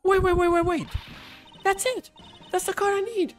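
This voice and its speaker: A woman doing a shrill, desperate card-collector girl. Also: expressive, moderate pace, faint music behind. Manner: shrill, pleading, breathless. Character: young woman, frantic trading-card fanatic.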